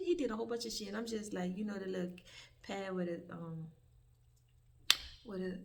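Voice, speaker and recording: This young woman's gravelly, mid-pitched voice moves a little quickly as she tells a sprawling, profanity-laced story on a laid-back storytime vlog. Her delivery is animated and full of tangents, and the distant mic catches a soft hiss behind her.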